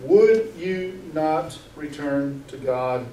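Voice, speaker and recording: Earnest pastor preaching in echoey church. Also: male voice, a little high, animated, drawn-out words, dark tone, slight background noise. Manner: earnest, many rhetorical questions, repeats words. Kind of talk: sermon. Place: church sanctuary. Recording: echoey room, mic far off.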